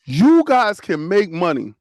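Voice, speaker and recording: High-voiced man ranting on a podcast. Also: huge pitch swings, measured pace, a little mellow, dry recording. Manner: emphatic, repeats punchlines, asks "you know why?". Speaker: podcast co-host. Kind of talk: casual chat.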